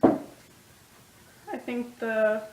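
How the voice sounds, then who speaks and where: A woman guest in casual chat, telling a childhood story slowly and hesitantly. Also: on the high side, a little mellow, distant mic. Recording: roomy, off-mic.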